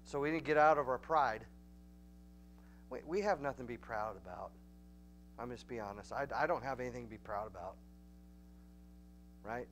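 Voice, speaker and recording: A man with a Texan accent preaching a Bible study in a church, folksy and emphatic, building to loud, urgent peaks. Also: mid-range voice. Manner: folksy, emphatic, rising to near-shouting peaks. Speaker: pastor. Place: church sanctuary.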